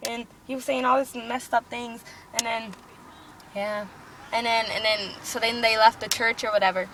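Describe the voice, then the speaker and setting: A woman's voice: fairly high pitch, fairly even intonation, moderate pace, noisy background. A woman chatting casually, retelling a story in a rambling, breathless way full of fillers. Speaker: storyteller recapping a show. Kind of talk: casual chat.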